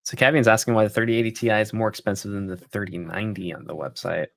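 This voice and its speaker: A man's voice: lowish voice, fairly even intonation, fast talker, creaky, a bit bright, dry recording, clean studio sound. A man hosting a casual livestream and answering viewer questions in an easygoing way. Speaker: PC company livestream host.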